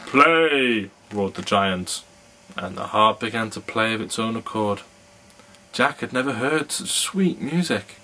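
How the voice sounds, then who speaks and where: A man's voice: fairly low pitch, animated, normal speed, bright, forceful tone, slightly rough, poor audio. Man reading a fairy tale aloud. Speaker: storyteller.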